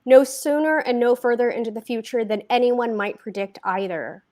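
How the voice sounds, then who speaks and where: A woman author reading her own fiction aloud at a book event, slow and deliberate with dramatic pauses. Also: fairly high pitch, darkish tone.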